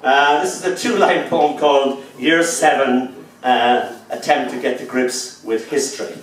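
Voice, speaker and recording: A man's voice: medium pitch, fairly even intonation, a little slow. A man giving a live poetry reading, mixing rhythmic recited verse with dry, wry asides. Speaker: poet. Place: live reading venue indoors. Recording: echoey room, distant mic, faint noise.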